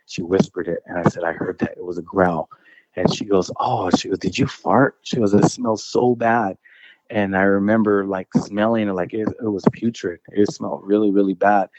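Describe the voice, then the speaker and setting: A man's voice: low-pitched, little pitch movement, fairly quick, a little mellow, muffled recording. A man casually telling a personal encounter story as a guest. He rambles, restarts his phrases and keeps saying dude and bro.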